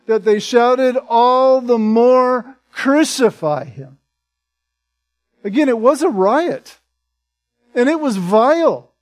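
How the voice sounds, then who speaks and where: A man's voice: very high-pitched, slow pace, a little mellow. A man preaching as a pastor, reading scripture aloud and then explaining it in plain words. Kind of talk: expository sermon.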